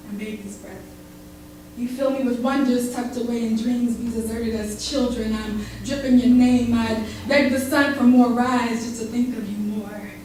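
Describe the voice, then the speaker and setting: A young woman performing spoken word poetry with rhythm and dramatic pauses at a live event in a barber shop. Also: fairly high pitch, a little mellow, a little hiss or hum. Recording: echoey room heard from far off.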